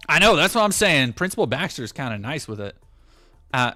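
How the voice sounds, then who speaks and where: A man commenting on a game he streams, sarcastic and ranting with plenty of swearing. His voice is bright and somewhat high. Soft music plays behind him. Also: sing-song, a little fast.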